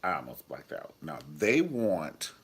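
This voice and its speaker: Sassy deep-voiced man reviewing a show. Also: huge pitch swings, a little slow, breathy edge. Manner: flamboyant, sassy, profane. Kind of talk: casual review vlog.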